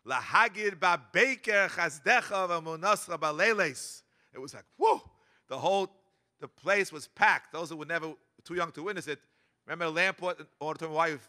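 An older man in his seventies teaches a Torah class and mixes in memories from his youth. His voice sits high and sounds bright and forceful. He leans into key words with dramatic emphasis. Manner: animated, dramatic emphasis, frequent Hebrew and Yiddish terms. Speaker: cantor. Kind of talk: Torah lesson with personal memories.

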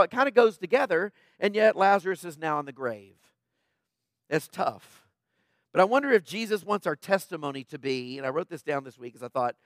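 A man's voice: sits high, a bit bright, dry recording. A man preaching a sermon in a conversational way, often checking in with the congregation with asides. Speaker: pastor.

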